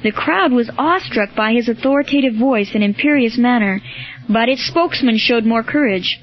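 A woman narrating a storybook in a measured, even way. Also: on the high side. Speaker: audiobook narrator. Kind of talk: scripted narration. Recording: dull lo-fi with faint music.

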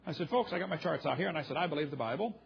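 Folksy male preacher, husky slightly high voice, jokey storyteller, muffled lo-fi recording. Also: animated, very fast. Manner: joking, folksy, acts out dialogue in quotes. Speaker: creationist preacher.

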